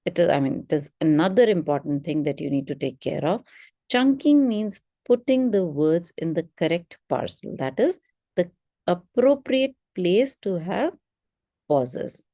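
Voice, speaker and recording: A woman's voice: lowish voice, expressive, measured pace, dark tone, no room sound, studio quality. A woman teaching test preparation in a webinar, in an instructive way that stresses key words. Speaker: English test prep teacher.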